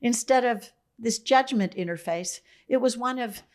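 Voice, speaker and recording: A woman guest in a conversation, telling stories in a reflective, musing way, often clearing her throat. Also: a little high, measured pace.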